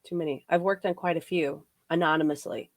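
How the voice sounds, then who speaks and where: A woman's voice: low-pitched, steady tone, a little fast, dry recording, clean studio sound. A woman who is a psychic medium, chatting as a guest in an interview, laughing often and correcting herself. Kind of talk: casual interview chat.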